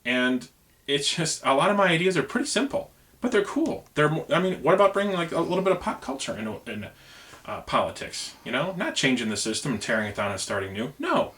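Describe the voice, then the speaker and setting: A man speaks casually to the camera, sincere and a little scattered, his sentences looping back with "you know" as he explains his plans. His voice sits a touch high for a man. He sounds like an ordinary working guy making his own campaign video. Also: big pitch swings, fast talker, fairly bright tone. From United States. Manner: earnest, rambling, conversational, many "you know"s. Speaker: truck driver running for president.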